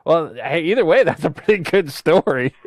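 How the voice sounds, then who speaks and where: A middle-aged man co-hosting a casual podcast, telling jokey stories and sometimes bursting into loud yells. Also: on the high side, expressive, moderate pace, no room sound, studio quality. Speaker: podcast co-host, author. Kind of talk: casual chat.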